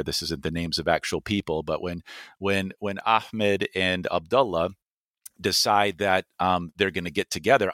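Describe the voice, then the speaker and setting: A man with a fairly low voice tells a long story as a podcast guest, often restarting his sentences and voicing the people he quotes. His tone is bright and forward, and the sound is close and dry. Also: no echo. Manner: earnest, many restarts and quoted dialogue. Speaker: missionary guest.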